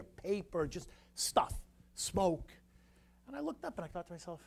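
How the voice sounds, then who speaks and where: A middle-aged man telling a story to an audience in an animated, conversational way, often checking in with the listeners. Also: a little high, moderate pace, gravelly, husky. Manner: animated, conversational, frequent "right?" asides. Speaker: guest speaker.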